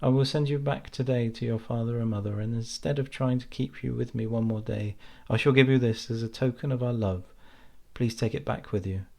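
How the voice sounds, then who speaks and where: A man's voice: medium pitch, steady tone, fairly quick, vocal fry. A man voicing a sorrowful young sea princess giving a solemn warning. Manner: gentle but solemn warnings.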